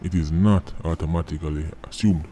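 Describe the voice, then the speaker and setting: A Jamaican man vlogs his opinions bluntly, dropping into patois as he talks. His voice is low and mellow with a dark tone. Soft music plays faintly behind him. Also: fairly even intonation, brisk. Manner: blunt, outspoken, mixes patois in. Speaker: vlogger. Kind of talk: opinion commentary vlog.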